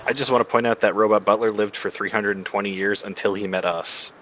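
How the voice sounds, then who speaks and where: A man's voice: on the low side, fairly even intonation, fast. A man playing a tabletop game, laughing often and talking animatedly. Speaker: player. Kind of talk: casual tabletop play. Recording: noisy online call recording.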